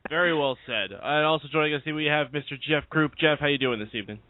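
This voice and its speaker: A man's voice: fairly high pitch, fast talker, background noise. A man hosting a live internet radio post-show, talking in an upbeat, announcer-like way. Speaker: lead host. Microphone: internet call. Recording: dry tinny call audio.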